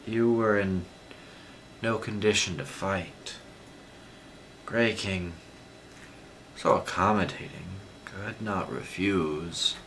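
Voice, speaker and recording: A man's voice: low-pitched, steady tone, slow, long pauses, a bit bright, a little hiss or hum, heavily acted. A man voicing a wounded young thief who speaks weakly and wryly. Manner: weak, strained, wry. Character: wounded young male thief, wry, dying.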